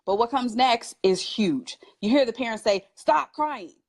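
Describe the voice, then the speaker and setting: A woman who is a mother, speaking as a talk show guest and giving parenting advice in an emphatic, animated way, laughing often. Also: on the high side, normal speed. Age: adult with children.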